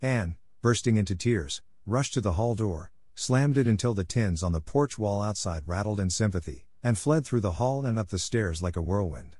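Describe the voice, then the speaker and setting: A man narrating a classic novel as an audiobook in a steady, even reading. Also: lowish voice, moderate pace, hardly any pauses, dry recording, studio quality.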